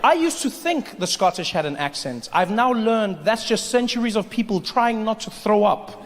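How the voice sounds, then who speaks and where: Animated male stand-up comic. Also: sits high, normal speed, background noise. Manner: animated, self-mocking storytelling. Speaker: stand-up comedian. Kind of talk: stand-up comedy set. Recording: reverberant hall, faint ambience.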